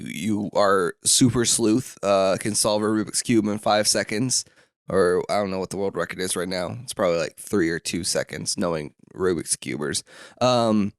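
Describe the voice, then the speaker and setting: A young man hosting a solo podcast from a room at home, rambling with lots of fillers and restarts, his throat rough and catching. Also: lowish voice, dry recording, studio quality. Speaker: podcast host.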